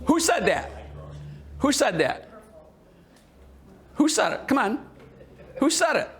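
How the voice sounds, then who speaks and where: High-voiced joking man giving a history talk. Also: slow pace. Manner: jokey and animated, quizzing the audience. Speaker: history presenter. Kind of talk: museum history talk to a live audience. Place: indoor museum hall with an audience.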